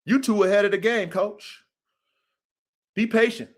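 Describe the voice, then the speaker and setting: A man with a high-pitched voice delivers a rough, profane motivational rant as a podcast host. He drops to low mutters, then climbs into shouts, preaching straight at the listener. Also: a little slow.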